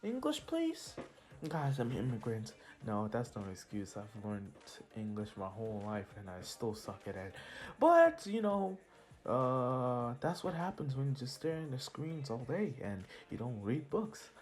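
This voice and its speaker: A man's voice: medium pitch, wildly swooping pitch, a little slow. A man casually telling a made-up fan story, rambling, correcting himself and laughing at his own slips. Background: soft lofi music.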